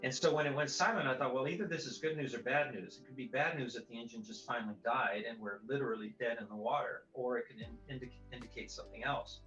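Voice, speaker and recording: A man recounting a personal experience as a news interview guest, telling it in a measured way with frequent hesitations. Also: mid-range voice, fairly bright tone, faint music behind. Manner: measured storytelling with many fillers and restarts. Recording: dull, roomy broadcast audio.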